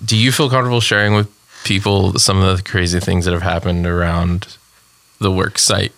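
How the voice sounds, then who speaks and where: A man's voice: low-pitched, flat delivery, normal speed, a bit bright. A man hosting a casual stream chat, prompting his guest to tell stories and joking along. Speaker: stream host.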